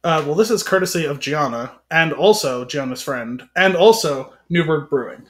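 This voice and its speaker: High-voiced joking podcast host. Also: male voice, animated, normal speed. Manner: joking, rambling, wordplay. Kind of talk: casual podcast chat.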